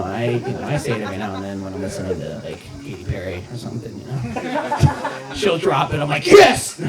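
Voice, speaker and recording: At an outdoor backyard show, a man with a mid-range voice performs a crude stand-up set, interrupting himself and often laughing at his own jokes. The live crowd recording is taken from far off, sounds roomy, and the audience can be heard laughing.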